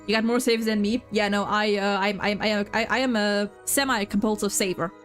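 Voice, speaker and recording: A woman's voice: medium pitch, steady tone, normal speed, faint music behind. A young woman streamer chatting casually while gaming, rambling with lots of restarts and repeated words. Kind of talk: casual gaming livestream chat.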